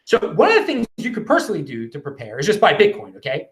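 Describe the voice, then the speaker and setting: A man hosts his own commentary show, talking straight to his viewers. His pitch swings widely as he goes, jumping up high and dropping low. He speaks in a loose, unscripted way, full of restarts and fillers. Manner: animated, halting, many restarts and fillers. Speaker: show host. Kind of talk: casual solo commentary.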